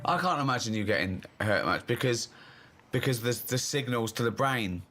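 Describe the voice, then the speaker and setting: A man with a lively, swooping voice teases and mocks with crude jokes, music playing under the talk. He jumps between wry questions and sudden comic exaggeration. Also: moderate pace. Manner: mocking, crude teasing, bursts into high laughter. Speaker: co-host. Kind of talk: casual comedic chat.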